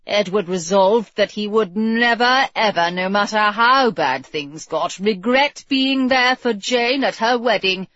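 A woman narrating a historical novel aloud at a very slow, measured pace. Her tone is even and steady. The recording is dry and slightly dull, with no room sound. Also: mid-range voice, no room sound. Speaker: audiobook narrator. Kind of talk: scripted narration. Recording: dull, dry close-miked audio.

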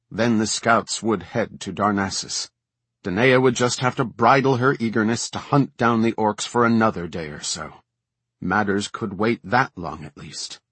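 A man reading a fantasy novel aloud as an audiobook narrator, in a measured, even storytelling manner. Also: on the low side, breathy edge, no echo.

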